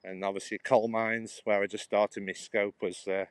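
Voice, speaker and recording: A man's voice: fairly low pitch, little pitch movement, normal speed, no echo. A man chatting in a rambling way to viewers as he walks outdoors along a cycle path, talking into a phone. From England. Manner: talks while walking. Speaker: livestreamer. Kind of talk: casual walking livestream chat. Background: passing traffic.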